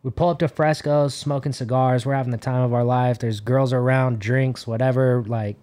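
A man's voice: medium pitch, steady tone, normal speed, dark tone. A young adult man telling a story in casual chat, laid-back and full of swearing and filler words.

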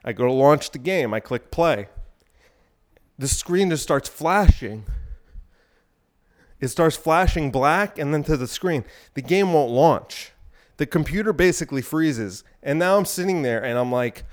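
Exercising on an elliptical, a young podcast host delivers a rambling, vulgar solo rant peppered with side comments and swearing. His voice is fairly high with lively intonation and a slightly slow pace.

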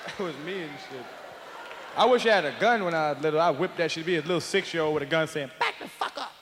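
A man performing live stand-up comedy, brash, profane and animated. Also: a little high, fast, a little hiss or hum. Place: large live venue. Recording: echoey live hall with loud crowd.

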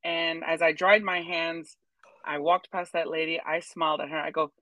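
A woman's voice: low voice, little pitch movement, normal speed, bright, forceful tone, no echo, dull audio. A woman co-hosting a podcast, telling a personal story in casual chat and acting out the people she quotes. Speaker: podcast co-host.

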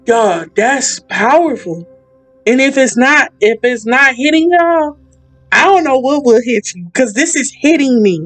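An excitable woman gives a casual, rambling Bible talk for a podcast, her voice high and bright. Soft music hums faintly underneath. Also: unhurried, low-quality recording. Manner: excitable, rambling, uses y'all. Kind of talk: casual preaching.

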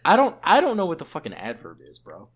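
Lively, swearing young man in casual chat. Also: on the high side, fast. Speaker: podcast co-host.

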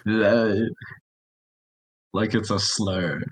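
A podcast guest with a fairly low voice talks in loose, casual chat. His tone is wry and dry, and he slips in self-mocking asides. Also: fairly even intonation, drawn-out words, husky, poor audio.

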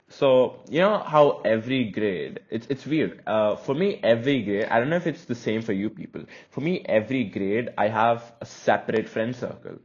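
A man's voice: on the low side, dull audio. A young man from India with an American-leaning accent, hosting a casual solo podcast in a chatty, rambling, self-conscious way. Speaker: podcast host.

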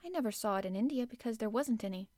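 A woman's voice: on the high side, lively intonation, fast talker, dark tone, no room sound, clean studio sound, lightly acted. A woman voicing a blunt, curious young girl who speaks directly.

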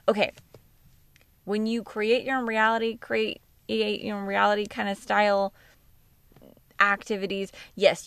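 A woman hosting a podcast, talking through a reflective monologue while sleepy and yawning, slow and musing with self-corrections. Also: medium pitch, fairly bright tone, no echo. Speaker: podcast host and yoga teacher.

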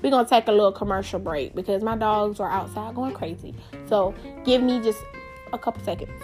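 A woman's voice: mid-range voice, brisk, music in the background. A young woman hosting a casual solo podcast, talking in a chatty, emphatic way and calling her listeners y'all. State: out of breath. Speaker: podcast host.

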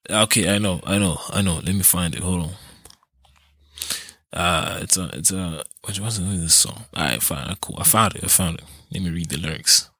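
A man with a deep voice and a bright, forceful edge, chatting alone on his own show. He rambles, cuts himself off mid-sentence and laughs at his own slips. The sound is close and dry. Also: moderate pace, breathy edge, dry recording. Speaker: podcast host. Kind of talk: casual solo chat.

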